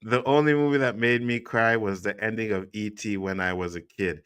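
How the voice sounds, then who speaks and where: A man's voice: fairly low pitch, fairly even intonation, fairly quick, fairly bright tone, clear, resonant tone. A man hosting a casual pop-culture talk show, reading viewer comments and agreeing with a laugh.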